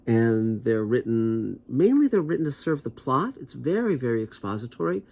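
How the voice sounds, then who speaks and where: A man's voice: medium pitch, very animated, moderate pace, gravelly, a little mellow. A man, a TV writer hosting his own show, giving casual, rambling commentary with a wry, skeptical edge. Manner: rambling, conversational, many asides.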